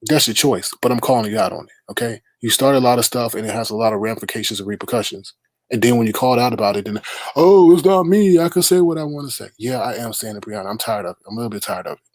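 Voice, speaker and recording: Blunt profane livestream host, dry sound. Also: male voice, on the low side, steady tone, rapid-fire, no room sound. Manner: blunt, profane, calling people out. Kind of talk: casual livestream rant.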